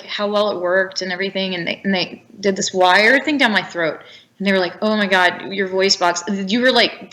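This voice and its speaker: A woman's voice: mid-range voice, sharp tone. A woman guest telling her story in an interview, blunt and indignant, rambling from one grievance to the next. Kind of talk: emotional personal account.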